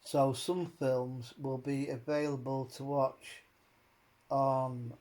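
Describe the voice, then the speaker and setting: A man's voice: medium pitch, fairly even intonation, slow pace, a little mellow. A man hosting a casual chat, rambling and swearing as he rants with many fillers. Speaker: host.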